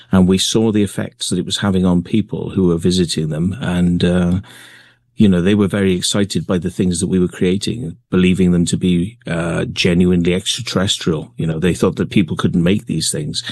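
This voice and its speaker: A man being interviewed, talking in a relaxed way with many pauses and fillers. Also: deep voice, no echo. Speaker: guest, crop circle maker. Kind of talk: remote interview.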